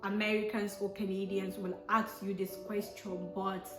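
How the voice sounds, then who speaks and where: A young Nigerian woman with a Nigerian accent telling stories to camera in a casual, animated way, often exclaiming and acting out both sides of conversations. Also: medium pitch, moderate pace. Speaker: vlogger. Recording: echoey room with soft piano music.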